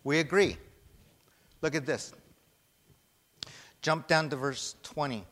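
A man's voice: medium pitch, takes it slowly, long pauses, fairly bright tone. A man preaching a sermon, emphatic, putting questions to the congregation and waiting for their answers. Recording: long hall reverb.

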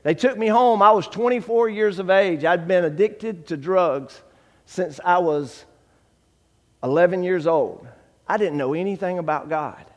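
A man giving a testimony sermon, acting out the dialogue in his story and swinging from hushed to shouting. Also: high voice, unhurried, big-room sound. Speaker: guest preacher giving testimony.

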